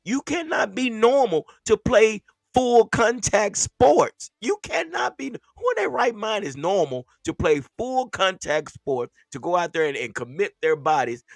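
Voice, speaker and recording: A man hosting a casual sports podcast, animated and laughing between phrases. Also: sits high, a little slow, gravelly, hardly any pauses, no room sound, studio quality. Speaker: podcast host.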